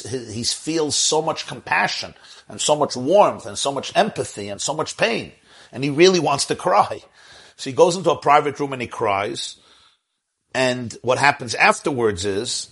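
A husky-voiced man gives an earnest Torah lecture to a class. His voice sits at a middle pitch. He circles back to repeat his key phrases and lets a chuckle slip in now and then. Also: a bit bright. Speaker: rabbi teaching a class.

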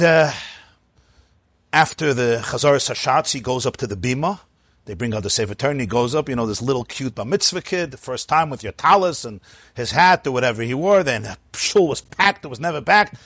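A man preaching, telling a story in an animated, conversational way with frequent asides. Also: mid-range voice, moderate pace, husky, no room sound. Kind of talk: sermon storytelling.

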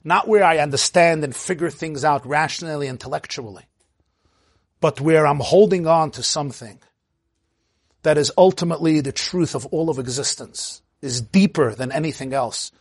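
A man's voice: a little high, normal speed, breathy edge, no echo, clean studio sound. A man, a rabbi, giving a storytelling sermon in an emphatic, heartfelt way.

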